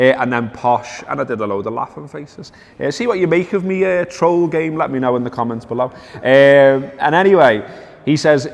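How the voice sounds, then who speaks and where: Man, football podcast host, wry storytelling, mid-pitched, echoing room. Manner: wry storytelling, reads out quotes, many fillers. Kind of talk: casual football chat.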